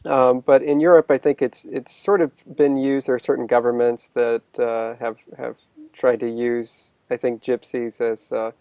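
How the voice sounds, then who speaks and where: A man co-hosting, talking in a relaxed, chatty way and laughing easily. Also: medium pitch, moderate pace, clear, resonant tone, no room sound. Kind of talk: casual conversation.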